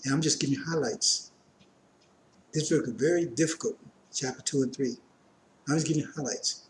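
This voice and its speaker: A man's voice: medium pitch, a little fast, reverberant, slight background noise. A man teaching scripture in a loose, conversational way, reading verses aloud and then explaining them with many asides, his voice strained and catching on coughs. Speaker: religious teacher.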